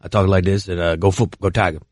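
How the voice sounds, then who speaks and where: A man doing a low, mumbling impression of a gruff male football coach. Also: fairly even intonation, fast, no echo, studio quality. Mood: grumbling.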